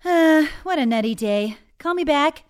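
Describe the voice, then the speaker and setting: A woman's voice: sits high, animated, a little slow. An actress playing a flustered, chatty mother who leaves rambling voicemails from prison in a sketch comedy phone call.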